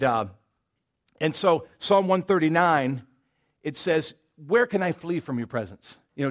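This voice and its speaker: Conversational Southern American pastor, man. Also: medium pitch. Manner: conversational storytelling, frequent fillers and rhetorical questions. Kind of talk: sermon.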